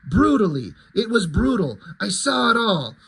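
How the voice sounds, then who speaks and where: A battered female reporter, dazed and overwrought, repeating herself with mock drama, as a man reads her. The voice sits a bit higher and louder than his usual talk and keeps a husky edge. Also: very animated, unhurried, full character voice.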